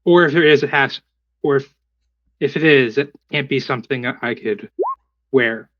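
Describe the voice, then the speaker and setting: A man's voice: medium pitch, moderate pace, muffled recording, noisy background, natural voice. A man voicing his druid character, speaking formally and apologetically to a shopkeeper. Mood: polite. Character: polite druid adventurer, a man.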